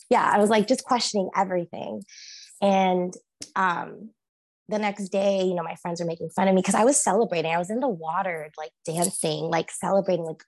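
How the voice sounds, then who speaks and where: A young woman telling a personal story as a guest, casual and animated, laughing often, acting out her own past lines and using lots of "like" fillers. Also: mid-range voice, a little fast.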